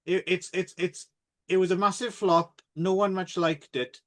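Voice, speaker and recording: A man's voice: sits high, steady tone, measured pace, fairly bright tone. A man co-hosting a casual film podcast, rambling and hesitant, with lots of fillers. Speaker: podcast co-host.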